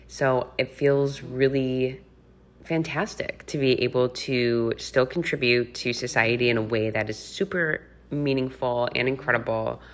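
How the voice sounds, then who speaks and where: Chatty low-voiced woman podcast host. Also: fairly bright tone. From Wisconsin. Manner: chatty, candid, laughs and swears. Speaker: podcast host and health coach. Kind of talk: casual solo podcast chat.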